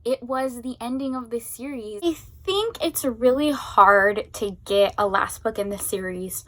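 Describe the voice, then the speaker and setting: Gushing young woman with a high voice. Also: unhurried. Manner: gushing, emotional, chatty with many fillers. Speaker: book vlogger. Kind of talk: casual chat. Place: at home.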